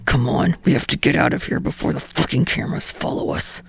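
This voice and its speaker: A woman voicing a surly young man who swears and speaks in gruff, curt bursts. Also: a bass voice, brisk, dry recording, voice pushed down, exaggerated voice.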